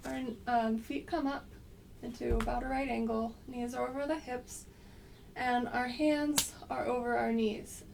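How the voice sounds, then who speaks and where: Gentle woman guiding a slow workout. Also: on the high side, steady tone, vocal fry, distant mic, a little hiss or hum. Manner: gentle, unhurried cueing with frequent ums. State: slightly congested from a cold. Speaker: movement instructor. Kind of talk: guided exercise class.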